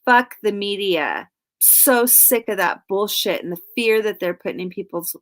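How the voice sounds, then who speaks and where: A woman's voice: mid-range voice, expressive, normal speed. Chatty, cussing woman hosting a livestream. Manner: chatty, profane, reads out viewer comments. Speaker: livestream host. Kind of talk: casual livestream chat.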